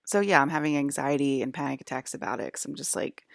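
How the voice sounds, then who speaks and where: A woman's voice: a bass voice, fast, gravelly, few pauses, no echo, studio quality. A woman vlogger talking in a casual, rambling monologue, hesitant and full of fillers.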